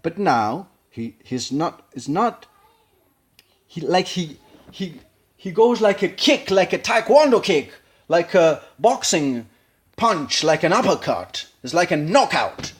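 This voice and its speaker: A man with a Spanish accent, a native Spanish speaker, casually analyzing a film scene, halting and searching for words. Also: fairly high pitch, expressive. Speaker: acting learner.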